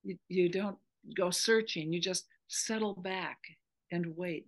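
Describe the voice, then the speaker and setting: An earnest woman speaking as a spiritual teacher in an interview. Her voice sits a little low, and she explains a meditation practice step by step. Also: takes it slowly.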